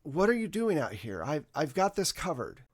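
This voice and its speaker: A man's voice: a little high, big pitch swings, normal speed, husky. A man playing an anxious, paranoid husband who insists and swears. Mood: agitated. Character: agitated, paranoid husband, middle-aged.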